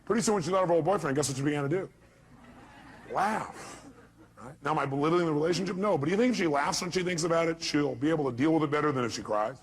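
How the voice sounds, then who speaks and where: A fast-talking motivational speaker with a slightly high voice gives a punchy seminar talk, firing rhetorical questions at a live audience and acting out voices.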